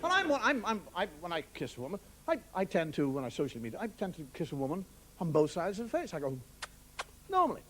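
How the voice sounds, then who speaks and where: Wry Irish comedian, lively pitch. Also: male voice, quick pace, a faint crowd. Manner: wry, musing, conversational, casual swearing. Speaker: stand-up comedian. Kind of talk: stand-up routine. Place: television studio with live audience. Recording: broadcast audio with audience laughter and noise. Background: audience laughter.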